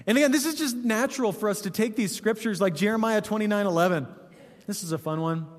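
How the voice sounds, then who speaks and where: A man's voice: high voice, fast. Man preaching in a reverberant church hall. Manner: conversational, jokey preaching with frequent "right?". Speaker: pastor. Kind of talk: sermon.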